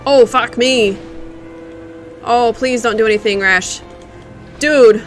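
A woman's voice: fairly high pitch, slow, soft background music. A woman streamer giving live gameplay commentary, profane and exclaiming, talking back at a boss.

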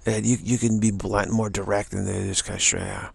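Husky gravelly guy rambling a spiritual talk, doing little voices for people in his stories, dry sound. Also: fairly low pitch, flat delivery, brisk, a little mellow, no echo. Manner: rambling storytelling, acts out quoted voices. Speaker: spiritual teacher.

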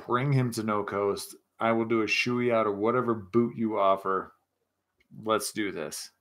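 A man's voice: fairly low pitch, steady tone, a little slow, fairly bright tone. A man hosting a casual live chat with viewers, rowdy, joking and profane, a little tipsy. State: tipsy from scotch. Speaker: livestream host.

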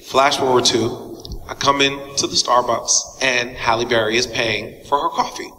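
A man's voice: medium pitch, steady tone, normal speed, bright, forceful tone. A middle-aged man, an actor being interviewed, telling stories in a chatty way and laughing often. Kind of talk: animated anecdote telling. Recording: echoey hall with faint noise.

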